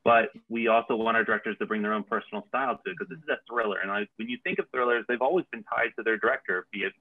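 A man's voice: on the low side, very fast. A male showrunner speaking casually in an interview on a video call, rambling with many restarts. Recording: tinny phone-like line.

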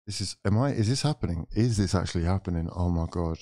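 A man hosting a live football watchalong, reacting with loud, swearing outbursts. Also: low voice, fast. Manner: excitable, swearing, shouting reactions.

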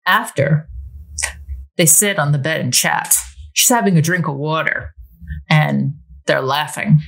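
A woman narrating a romance story in a steady, intimate storytelling manner over gameplay. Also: sits low, unhurried, gravelly, faint music behind. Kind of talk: romance narration over a life-sim game.

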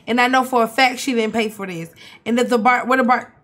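A young woman, giving animated, swearing, mock-outraged commentary as she plays a life-sim game. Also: a little high, moderate pace. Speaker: gaming streamer. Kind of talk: casual gameplay commentary.

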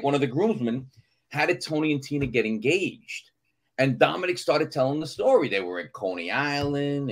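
A middle-aged man with a New York accent, a guest on a casual podcast, telling stories and acting out voices in them. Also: mid-range voice. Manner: animated storyteller, acts out voices in anecdotes. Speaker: guest actor. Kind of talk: casual podcast chat, storytelling.

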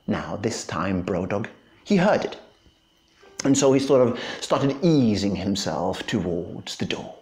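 A man's voice: medium pitch, big pitch swings, takes it slowly, a little mellow. A man telling a folktale dramatically, dropping to whispers and swelling again, over guitar music. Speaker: storyteller.

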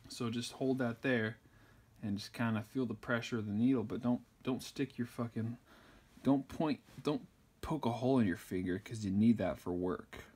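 A man's voice: medium pitch, normal speed, darkish tone, husky. A man giving a crude, insulting, rambling comedic tutorial on sewing a button. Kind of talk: profane comedic tutorial rant.

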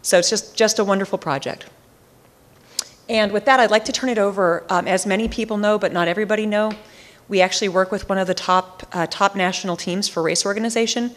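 Fast-talking woman, race organizer. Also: mid-range voice. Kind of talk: town hall presentation.

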